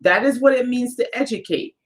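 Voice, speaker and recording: A woman's voice: a little high, fairly quick. A woman co-hosting a live-streamed spiritual talk, explaining emphatically and speaking straight to the viewers. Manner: emphatic, addresses viewers directly. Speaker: co-host of a spiritual channel.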